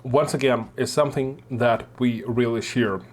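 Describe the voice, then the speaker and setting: A man's voice: mid-range voice, fairly even intonation, moderate pace. Russian-accented man chatting casually. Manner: chatty, thinking aloud with many fillers. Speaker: reaction video host. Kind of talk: casual reaction commentary.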